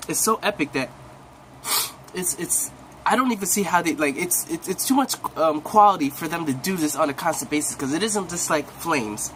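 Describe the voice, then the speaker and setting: A young man excitedly retelling an anime episode in a casual, rambling way full of slang, coughing now and then. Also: a little high, moderate pace, a little hiss or hum, poor audio. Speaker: recap host.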